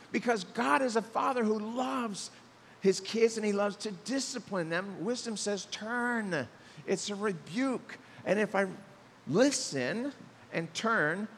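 A middle-aged male pastor preaching a sermon in a lively way, acting out the voices he quotes. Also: sits high, long reverb tail, slight background noise.

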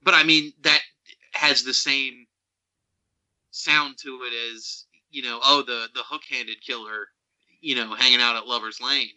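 A man's voice: mid-range voice, fairly even intonation, unhurried, sharp tone, rough recording. A man with a Southern US accent, co-hosting a casual podcast chat in a laid-back way, laughing easily. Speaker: podcast co-host.

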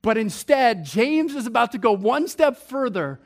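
A man delivering a sermon in a high, bright-sounding voice. He is playful and animated, acting out his own inner thoughts, then sinks to a hushed tone when he quotes scripture. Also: a little slow. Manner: animated, playful, mimics himself and others, drops to a hushed tone on scripture. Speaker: pastor.

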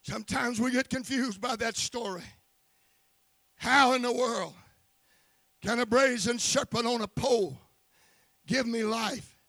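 Man, preacher, sermon, very high voice, gravelly, fervent, calls for amens, dry close sound. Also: measured pace, pauses often, no room sound. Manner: fervent preaching that swings from quiet asides to shouting, calling for amens.

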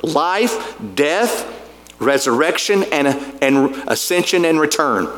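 A man's voice: fairly high pitch, expressive, slow pace, fairly bright tone. A man preaching a sermon in a folksy, conversational way, full of asides to the congregation. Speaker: pastor.

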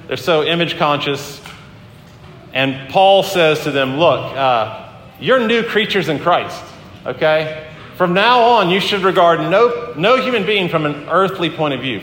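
A man's voice: fairly high pitch, fairly bright tone, a little hiss or hum. A male pastor giving a sermon in an earnest, conversational way, often restarting his sentences. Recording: echoey hall with faint ambience.

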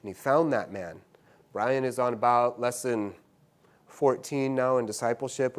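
A man preaching a sermon, swinging between loud exclamations and hushed, quiet stretches, often repeating himself as he builds a point. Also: medium pitch, unhurried. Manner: repeats words and restarts phrases. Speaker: university teacher.

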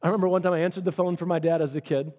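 Earnest higher-voiced pastor preaching. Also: male voice, steady tone, rapid-fire, darkish tone. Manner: earnest, conversational preaching with repeated phrases. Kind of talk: sermon.

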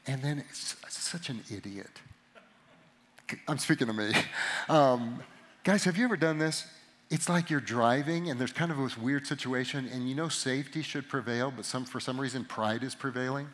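A middle-aged man giving a sermon to a live audience, telling a story about himself with animated, self-mocking humor. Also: medium pitch, moderate pace, slight background noise. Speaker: pastor or conference speaker.

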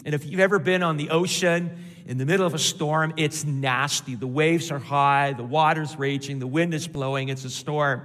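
Pastor guy preaching, highish voice, punchy and repetitive, big echoey church hall. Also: a bit bright. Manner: emphatic, repeats key phrases, calls for responses. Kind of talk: sermon. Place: large church with balcony. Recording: long hall reverb.

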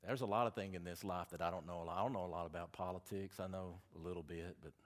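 A man's voice: deep voice, fairly even intonation, quick pace. A man with a Southern accent preaching a sermon, chatty and folksy, with asides between the scripture readings.

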